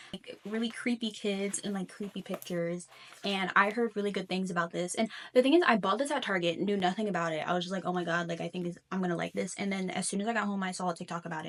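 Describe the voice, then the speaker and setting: A young woman chatting to her viewers in a relaxed vlog. She talks easily with plenty of "like" fillers, at an everyday middle pitch. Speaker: reading vlogger. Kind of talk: casual vlog chat.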